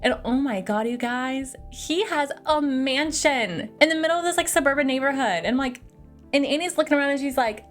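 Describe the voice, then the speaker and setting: A woman's voice: sits high, moderate pace, faint music behind. Chatty young woman recapping a movie. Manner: chatty, filler-heavy, swears freely. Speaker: movie reviewer.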